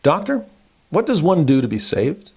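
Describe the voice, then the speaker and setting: A man's voice: on the high side, very animated, darkish tone, husky, voice pushed up, exaggerated voice. A flustered Sunday school teacher stammers through his words in a raised, strained voice, as a man reads the part aloud. He halts and stumbles on every phrase. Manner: stammering, halting, full of fillers.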